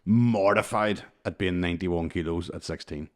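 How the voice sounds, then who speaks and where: A young man co-hosting a casual podcast chat, sweary and quick to laugh as he tells stories. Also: sits low. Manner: sweary, storytelling, laughs often. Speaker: podcast co-host.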